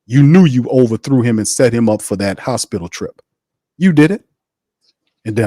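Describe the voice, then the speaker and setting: Brief: heated male sports-show host, dry close mic, mid-pitched, blunt rant. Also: expressive, unhurried, warm tone, no echo. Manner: blunt, heated ranting with slang and cursing. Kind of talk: live sports watch-party commentary.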